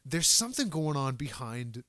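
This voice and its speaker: A man's voice: medium pitch, very animated, moderate pace, pushed and bright, no room sound, clean studio sound. A man co-hosting a podcast, recapping episodes in an enthusiastic, chatty way with frequent fillers. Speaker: podcast co-host. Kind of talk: casual recap chat.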